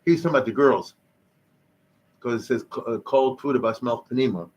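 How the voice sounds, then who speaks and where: A man's voice: medium pitch, fairly quick, a little mellow. A man, a rabbi, giving an informal history lesson in a synagogue hall, mixing in Hebrew and Yiddish words and briefly voicing the people in his stories. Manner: peppers speech with Hebrew and Yiddish terms. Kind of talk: informal lecture.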